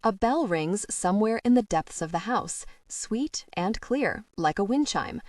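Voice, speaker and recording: A woman narrating a young adult audiobook in a measured and expressive way. Her mid-pitched voice is dry, with no room sound. She sits a little back from the microphone. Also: dry recording. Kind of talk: scripted narration. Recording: dry, slightly distant mic.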